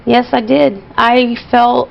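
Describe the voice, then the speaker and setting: A woman telling her story as an interview guest, earnest and halting, with many pauses and fillers. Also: on the high side, steady tone, vocal fry. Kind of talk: emotional personal account. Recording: dull broadcast audio.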